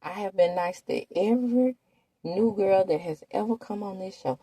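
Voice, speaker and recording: Husky lady from dishing on a reality show, mellow dry sound. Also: medium pitch, normal speed, no room sound. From Mississippi, USA. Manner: chatty, gossipy, talks straight to viewers. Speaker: host. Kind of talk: casual reality-TV recap commentary.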